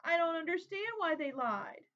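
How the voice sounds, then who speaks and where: A woman's voice: high voice, normal speed, highs cut off, voice pushed up, lightly acted. A woman reading a memoir aloud, voicing a small tearful girl who pleads and whines to go home. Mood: pleading, tearful. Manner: whiny, pleading.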